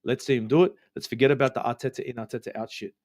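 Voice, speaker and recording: A man's voice: mid-range voice, fairly even intonation, very fast, darkish tone. A man with an Australian accent, co-hosting a football fan stream and ranting bluntly with plenty of swearing. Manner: blunt, profane, worked-up. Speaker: co-host. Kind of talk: heated fan rant.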